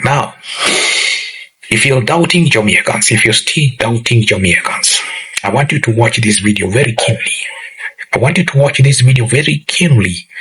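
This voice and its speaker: Husky low-voiced guy doing an earnest reaction commentary, keeps calling out to the viewers. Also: poor audio. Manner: earnest, repetitive, addresses "ladies and gentlemen". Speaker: channel host reacting to clips.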